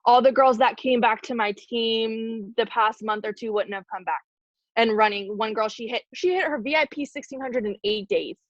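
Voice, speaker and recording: A woman's voice: fairly high pitch, moderate pace, no room sound. Emotional woman on a dull video call. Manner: emotional, candid, casual with filler "like". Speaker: team leader speaking to her team. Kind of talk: motivational talk on a video call.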